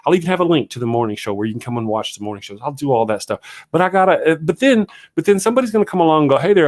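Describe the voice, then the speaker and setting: Chatty ranting male livestream host. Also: on the high side. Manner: chatty, ranting, self-deprecating with laughs. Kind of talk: casual rambling monologue.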